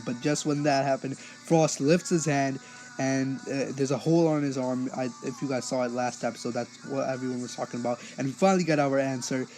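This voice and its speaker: A man's voice: medium pitch, steady tone, brisk, darkish tone, faint music behind, low-quality recording. Rambling man reviewing in a casual tone. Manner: rambling, with many fillers and restarts. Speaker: anime episode reviewer.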